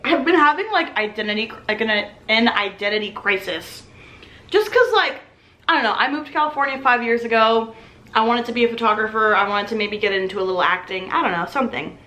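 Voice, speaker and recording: A young woman in her twenties tells stories about her shifts as a server in a lively, chatty way and slips into other people's voices. Her voice is bright and sits fairly high. The room around her rings with echo. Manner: animated, acts out customers' voices. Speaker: vlogger and restaurant server. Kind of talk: casual storytime chat.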